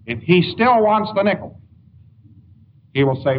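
A man's voice: high-pitched, expressive, unhurried, long pauses. A man giving a lecture in a wry, anecdotal way, acting out examples as he goes, on a dull old tape recording. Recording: dull lo-fi tape with faint hiss.

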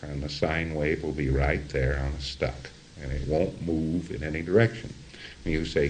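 A man's voice: deep voice, lively intonation, normal speed, a little mellow. A man giving an informal lecture, rambling, acting out examples and often checking in with his listeners. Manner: rambling, illustrates with acted-out examples and asides.

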